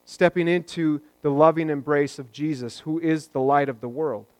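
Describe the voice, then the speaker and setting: A man's voice: a little high, steady tone, normal speed, dry recording. A man preaching a sermon as a pastor, talking in a conversational way with joking asides.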